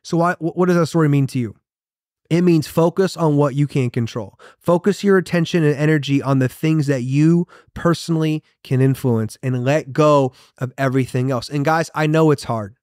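Male motivational host, thirties, high-pitched and punchy, dry close-mic sound. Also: normal speed, a little mellow, no echo. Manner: emphatic, punchy preaching with repeated catchphrases. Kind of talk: motivational monologue.

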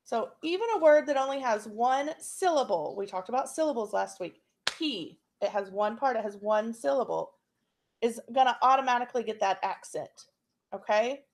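Her voice fairly high and animated, a woman leads young children through phonics and spelling. She's patient and unhurried, frequently pausing to ask "okay?" to check they're following.

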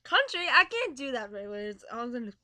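A woman's voice: a little high, sing-song, fast, sharp tone, no room sound, clean studio sound. A young woman chatting casually and playfully on a webcam vlog, teasing and giggling. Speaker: vlogger. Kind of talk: casual chat.

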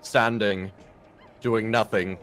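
A man's voice: fairly low pitch, fairly even intonation, slow, a bit bright, smooth. A man joining as a guest co-player, chatting casually and laughing often. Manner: laid-back, laughs often. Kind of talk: casual gameplay chat.

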